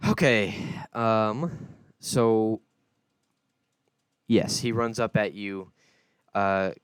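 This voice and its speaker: A man with a low voice runs a tabletop session at an unhurried, easy pace. His voice is clear and close, with no room echo. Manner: laid-back, descriptive narration. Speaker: game master. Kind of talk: narrating a tabletop game.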